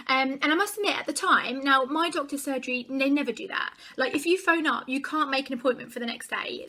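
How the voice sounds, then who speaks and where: A woman's voice: high-pitched, bright, forceful tone. A young woman vlogger chattily retelling a personal story to camera, acting out the dialogue.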